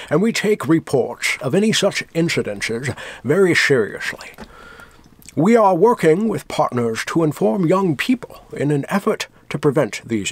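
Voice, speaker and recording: A man doing a mock-solemn impression of a gruff older Scottish man while reading a police statement. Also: fairly high pitch, exaggerated voice.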